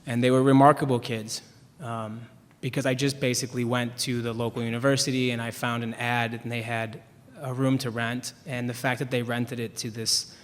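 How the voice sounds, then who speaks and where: A man's voice: mid-range voice, little pitch movement, normal speed, few pauses, slight background noise. A young man from Chicago, a writer on a panel, telling rambling, self-deprecating stories and laughing at himself. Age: young adult. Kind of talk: anecdotal storytelling. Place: event hall with an audience. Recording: long reverb in a hall.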